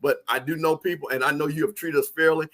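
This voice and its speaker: A man's voice: a little high, steady tone, fast, a bit bright. Brief: male co-host, Mississippi accent, emphatic, repeats words, casual sports talk.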